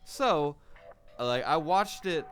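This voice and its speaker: A man's voice: fairly high pitch, animated, takes it slowly, a bit bright, faint music behind. A young man chatting casually in a vlog about a favorite song, rambling with lots of "like" and some swearing. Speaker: vlogger.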